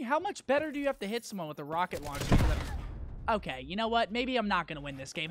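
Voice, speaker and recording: A man's voice: high voice, wildly swooping pitch, fast talker, a bit bright, a little hiss or hum. A man doing live gameplay commentary as a gaming YouTuber, hyping himself up and mocking his own mistakes with sudden outbursts. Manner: hype, self-mocking trash talk, sudden outbursts.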